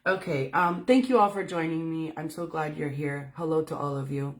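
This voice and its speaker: A woman's voice: low-pitched, moderate pace. A woman giving a casual livestream talk as a spiritual speaker. She talks candidly and swears freely as she tells her story. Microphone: phone.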